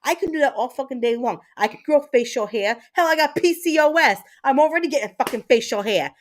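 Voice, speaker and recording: A woman's voice: high voice, expressive, brisk, slight background noise. A woman hosting a livestream, ranting angrily to her chat, blunt and full of swearing. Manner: angry, profane, blunt. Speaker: livestream host.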